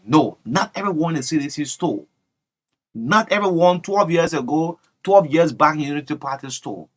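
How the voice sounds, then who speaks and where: A man hosting a breakfast talk radio show, emphatic and repetitive, swinging between loud and soft. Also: fairly high pitch. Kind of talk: animated talk radio commentary.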